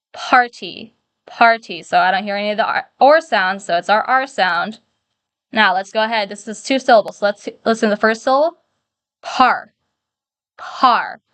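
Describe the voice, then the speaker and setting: A woman teacher giving a phonics lesson, slowly and patiently sounding out the letters of each word. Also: mid-range voice, a bit bright, no echo.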